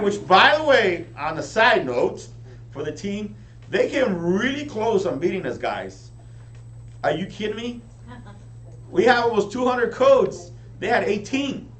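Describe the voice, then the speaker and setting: A man giving a high-energy motivational training talk to a live audience, often checking in with them. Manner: energetic, keeps asking the crowd "right?". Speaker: business team leader training recruits. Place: meeting room with an audience. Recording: echoey room, distant mic, faint hum.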